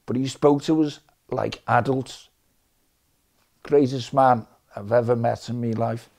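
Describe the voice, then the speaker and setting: A middle-aged man recounts football stories in an interview. His voice is warm and mellow, pitched in an ordinary male middle range. He talks in a lively, chatty way. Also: unhurried. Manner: chatty, lively anecdote-teller. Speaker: football fan. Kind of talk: documentary interview storytelling.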